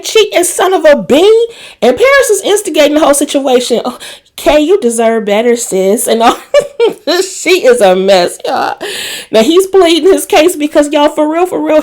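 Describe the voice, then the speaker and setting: Woman recap host, slightly high voice, conversational gossip delivery, acts out quotes. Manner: chatty storytelling with asides to viewers; laughs and acts out quoted lines. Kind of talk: casual episode recap.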